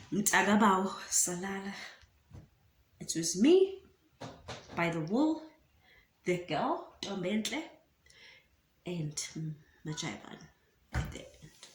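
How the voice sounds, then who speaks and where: A young South African woman vlogger with a South African accent, telling a personal story in an animated way and slipping into isiZulu words. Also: lowish voice, slow, pauses often. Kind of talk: storytime vlog. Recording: roomy room with faint ambient noise.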